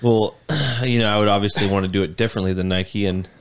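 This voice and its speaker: A man with a fairly low voice hosts a podcast and chats easily with his friends. He reads out quick questions in a laid-back, unhurried way. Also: steady tone, background noise. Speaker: podcast host. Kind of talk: casual chat.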